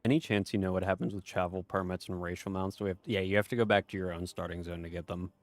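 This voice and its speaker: A man's voice: deep voice, steady tone, fast talker, no echo. A man streaming a game, chatting casually and reading chat aloud in a laid-back, profane way.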